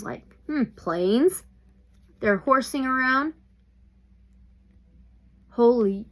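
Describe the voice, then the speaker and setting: Slow-talking woman reading tarot. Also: on the high side, slight background noise. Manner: animated, exclaiming, thinking aloud. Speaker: tarot reader.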